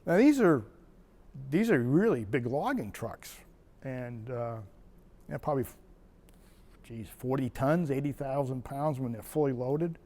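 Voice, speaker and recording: A man's voice: medium pitch, animated, a little slow, long pauses, mellow, in a large hall. An older man from Maine, a wildlife biologist, telling rambling anecdotes with restarts and quoted dialogue. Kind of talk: oral history storytelling.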